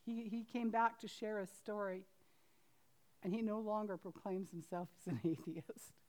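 This woman, preaching, reads a story out of a book with earnest, halting speech and many restarts. Her voice stays medium-pitched and steady in tone, though she swings from loud emphasis to a hush.

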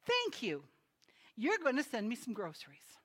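A woman voicing a bold elderly churchgoing woman who loudly and slowly exclaims her praise. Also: fairly high pitch, wildly swooping pitch, exaggerated voice. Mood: hopeful. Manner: slow loud exclaiming.

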